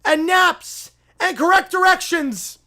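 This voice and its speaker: A man's voice: very high voice, slow, bright, forceful tone, pitched above the performer's own voice, full character voice. A man voicing a self-righteous male preacher of a silly pizza religion who shrieks and rants in constant indignation. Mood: ranting outrage.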